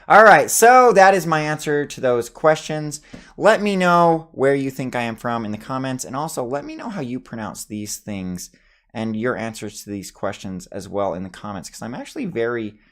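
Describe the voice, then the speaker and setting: A man in a casual accent tag video, playfully thinking aloud about how he says each word, recorded in a small home studio. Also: mid-range voice. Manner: playful, musing aloud over his own pronunciations. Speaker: vlogger.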